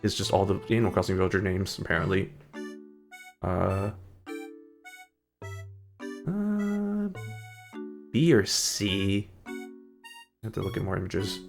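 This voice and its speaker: A man's voice: low-pitched, flat delivery, moderate pace, vocal fry, pauses often. A man chatting casually on a live stream, rambling and joking with frequent ums, with faint music behind him.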